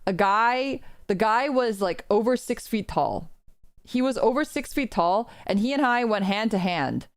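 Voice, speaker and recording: Giggly, animated woman streamer. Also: a little high, a little slow, no room sound, clean studio sound. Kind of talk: casual game-stream chat and reading.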